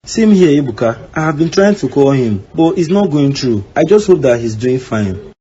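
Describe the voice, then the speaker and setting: A man's voice: mid-range voice, big pitch swings, moderate pace, dark tone, lightly acted. A man voicing an evasive young husband in a cartoon, answering defensively. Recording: slightly dull with faint background noise.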